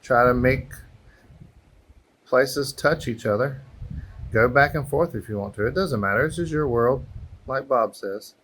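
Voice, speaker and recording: A man's voice: medium pitch, measured pace, pauses often, fairly bright tone, slight background noise. A man giving a casual craft tutorial on an outdoor patio, chatty and encouraging, thinking aloud as he works, recorded on a camera microphone. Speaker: airbrush artist teaching a craft.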